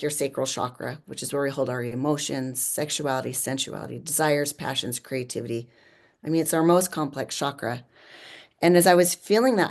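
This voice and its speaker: Low-voiced woman telling a personal story. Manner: animated, often says "like" and laughs. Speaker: podcast guest.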